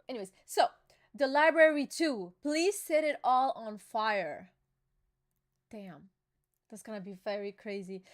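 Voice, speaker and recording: High-voiced excitable young woman chatting. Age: young adult. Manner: excitable and emotional, with gasps, fillers and slang. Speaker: channel host reacting to a manga chapter. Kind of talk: casual live reaction chat.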